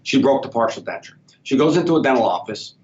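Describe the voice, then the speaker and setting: A man's voice: lively intonation, fast, darkish tone. A male dentist as a podcast guest, telling clinical stories and acting out conversations with patients. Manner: storytelling, acts out patient dialogue. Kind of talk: casual podcast interview. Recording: slightly dull sound with faint rumble.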